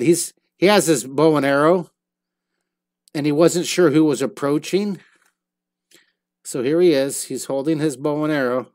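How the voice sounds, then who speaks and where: A man's voice: on the high side, a little mellow, no echo, clean studio sound. A man teaching a live online drawing lesson, chatting playfully and telling silly stories as he draws. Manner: playful, storytelling while drawing.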